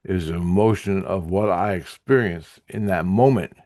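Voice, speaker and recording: A man telling a vlog story of his vision in a rambling, profane and excitable way. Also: sits low, moderate pace, no room sound, clean studio sound. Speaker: vlogger recounting spiritual visions. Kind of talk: casual storytelling to camera.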